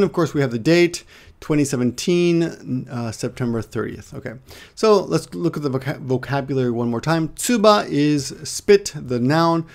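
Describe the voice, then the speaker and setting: A man teaching Japanese to English speakers in a casual online lesson, explaining step by step and repeating words slowly. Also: fairly high pitch, vocal fry.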